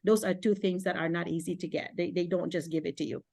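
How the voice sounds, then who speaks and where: A woman's voice: lowish voice, fast talker, vocal fry, slightly rough. Chatty Filipina woman on a video call. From Philippines. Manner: chatty, laughs often, animated self-quoting. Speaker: teacher mentor hosting a video call. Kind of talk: casual video-call chat.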